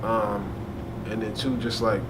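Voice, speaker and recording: A man's voice: fairly low pitch, fairly even intonation, a little slow. A young man, a hip hop artist, chatting as a guest in a laid-back, slangy way. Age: young adult. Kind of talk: casual interview chat. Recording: noisy room recording.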